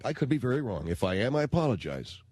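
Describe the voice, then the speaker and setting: A man's voice: mid-range voice, very animated, quick pace, a little mellow, husky, no room sound. A man hosting a radio talk show, ranting in a blunt, slangy, indignant way into a studio microphone.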